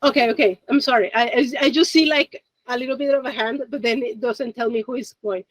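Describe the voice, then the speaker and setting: A high-pitched woman leads an online beginner language lesson. Her voice sounds close and dry, with no room echo. She keeps asking her students "okay?" and "yes?" to keep them with her. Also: fairly quick. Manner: encouraging, checks in often with "okay?" and "yes?". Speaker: Japanese teacher. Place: Japanese language school in Monterrey. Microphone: video call.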